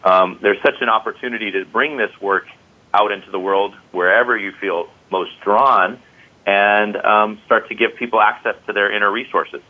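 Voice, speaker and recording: Give me an upbeat man, a lowish voice on a tinny line. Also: fairly even intonation, normal speed. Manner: enthusiastic, full of "you know" fillers. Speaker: qigong teacher. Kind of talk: interview guest.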